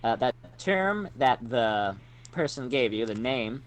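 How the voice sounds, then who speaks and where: A man in a relaxed, chatty way running a tabletop game as game master, laughing easily. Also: mid-range voice, slow.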